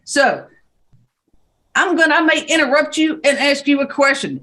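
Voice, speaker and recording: A woman judge with a Southern US accent giving brisk, stern and joking courtroom instructions over a video call. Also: high-pitched, fairly bright tone.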